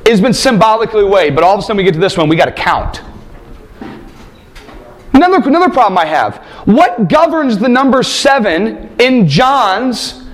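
Guy teaching a bible class, high voice, jumps all over the place, lots of rhetorical questions. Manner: animated, rhetorical questions, emphatic. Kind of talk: classroom lecture.

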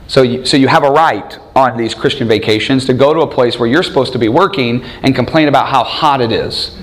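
A man preaching a sermon, animated, acting out quoted voices and asking rhetorical questions. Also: medium pitch.

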